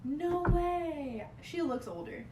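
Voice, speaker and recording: A woman's voice: high voice, animated, slow, mellow. A woman chatting casually on a podcast, giggly and full of wry asides. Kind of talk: casual chat. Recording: echoey room with clear noise.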